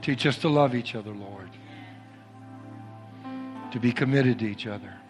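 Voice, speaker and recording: A man's voice: medium pitch, normal speed. A man preaching a sermon and leading a prayer in a church, emphatic and repetitive in his phrasing. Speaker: pastor. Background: soft instrumental music.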